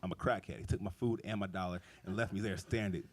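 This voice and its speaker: A man's voice: low-pitched, steady tone, fast. A young man doing a stand-up comedy set, telling rambling, profane stories and laughing often. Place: outdoor backyard show.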